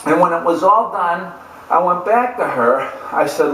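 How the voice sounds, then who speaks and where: A man's voice: sits high, animated, unhurried, pushed and bright, roomy sound, distant mic, rough recording. A man telling a humorous golf story, a storyteller who often repeats "and, and" as he goes. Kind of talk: humorous anecdotal talk.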